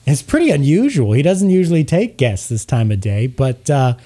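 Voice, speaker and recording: A man voicing a cheerful, gushing woman receptionist in a high, sing-song voice. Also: big pitch swings, normal speed, mellow. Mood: chatty.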